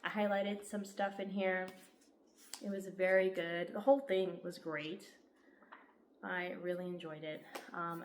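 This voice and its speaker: Young woman, lowish voice, earnest and gushing, casual book vlog, faint hiss behind. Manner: enthusiastic, heartfelt, lots of "like". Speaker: book vlogger.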